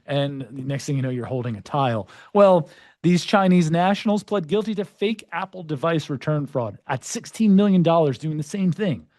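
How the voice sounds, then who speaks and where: A man hosting a podcast and presenting with an energetic, joking delivery, full of playful, self-mocking asides. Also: on the high side, normal speed, no room sound, clean studio sound. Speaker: podcast host.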